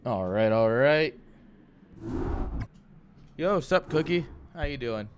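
Here the caster is a young man with a mid-range, animated voice who takes things slowly. He hypes up the live game with playful commentary aimed straight at chat, and there's a slight hiss or hum in the audio.

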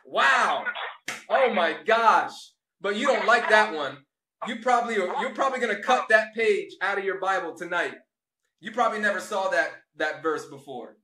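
A man rants at his caller in a taunting, sarcastic and preachy way. His voice sits high and sounds bright and forceful. The room around him is echoey, with a faint hiss behind. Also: animated, normal speed. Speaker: religious video host. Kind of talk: preachy rant.

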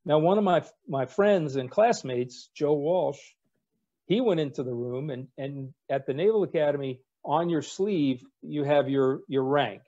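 A man in his sixties, a retired navy captain, telling anecdotes in a wry, relaxed way with casual fillers. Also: fairly high pitch, a little slow, muffled recording. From United States. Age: 60s. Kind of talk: anecdotal storytelling talk.

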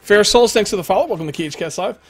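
A man's voice: high-pitched, lively intonation, rapid-fire. A young man streaming a survival game live, rambling, joking, thanking followers and swearing at the game.

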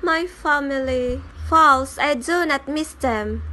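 A woman dubbing a comic on her own, giving voice to every character and switching between them in quick bits of dialogue. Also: sits high, a bit bright. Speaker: fan comic dubber. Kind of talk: fan dub of comics, voicing every character.

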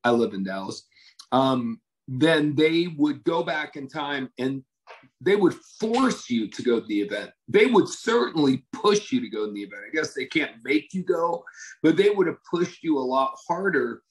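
A man's voice: on the high side, sing-song, normal speed, low-quality recording. A man leading a company, giving an enthusiastic, conversational motivational talk to his team.

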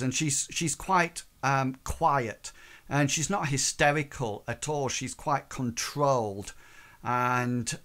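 A man's voice: mid-range voice, a bit bright, smooth. A man narrating a tabletop game as game master, hesitant and full of fillers. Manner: slow, halting, full of ums and sort-of-likes.

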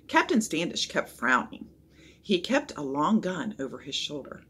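A woman reading a children's chapter book aloud, expressive and voicing the characters. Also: low-pitched, moderate pace, breathy edge. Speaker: storybook reader.

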